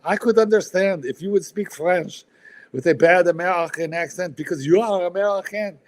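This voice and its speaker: Scolding French professor, exasperated and high-pitched, put on by a man. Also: moderate pace, natural voice. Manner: scolding, indignant.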